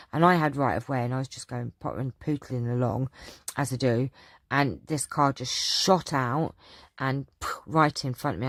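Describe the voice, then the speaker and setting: A woman's voice: very deep voice, no room sound, studio quality. An older woman from London with a Cockney accent, casually chatting to her viewers and telling rambling stories full of ums and restarts. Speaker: channel host answering viewer questions. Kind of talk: casual chat.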